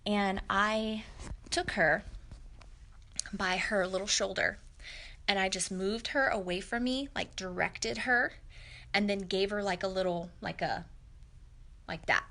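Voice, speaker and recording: Candid woman, slightly gravelly. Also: medium pitch, a little slow, long pauses, sharp tone. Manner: candid, reflective, chatty with many fillers. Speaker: vlogger. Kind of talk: personal storytelling to camera.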